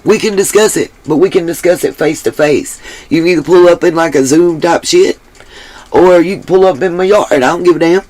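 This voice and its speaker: A woman's voice: fairly low pitch, a little fast, a little mellow. Blunt, swearing woman streamer. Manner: blunt, emphatic, swears freely. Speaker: livestream host. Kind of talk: livestream commentary.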